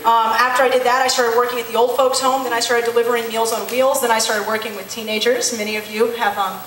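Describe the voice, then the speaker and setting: A fairly high-pitched woman in her late twenties gives her church testimony as a missionary. She speaks candidly, with many ums, and acts out the conversations she recalls. The voice comes from a distance in an echoey hall with a faint hum underneath. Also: a bit bright. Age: late 20s. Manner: candid storytelling, acts out dialogue, frequent ums. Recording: echoey hall, heard from far off.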